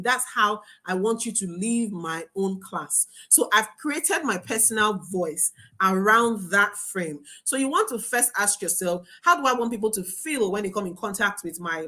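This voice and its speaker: Young woman coach teaching a webinar, emphatic, animated. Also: mid-range voice. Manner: animated, emphatic, laughs and acts out students' voices. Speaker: marketing coach.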